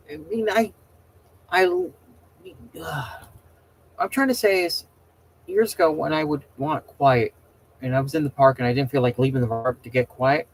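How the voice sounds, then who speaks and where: This is a middle-aged male host in a casual conversation with viewers; he rambles, shares plenty of opinions, and often stumbles or restarts what he's saying. His pitch is medium, and the audio is poor.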